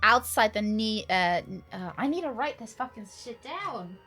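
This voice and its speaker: A woman's voice: a little high, animated, moderate pace, pushed and bright, slightly rough, soft background music. A woman streaming a mystery game, thinking aloud, repeating herself and swearing casually. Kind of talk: casual live-stream commentary.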